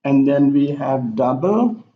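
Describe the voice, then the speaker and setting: A male teacher giving a recorded slide lecture, halting with frequent fillers and self-corrections. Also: medium pitch, expressive, slight background noise. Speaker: English teacher. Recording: dull lo-fi recording.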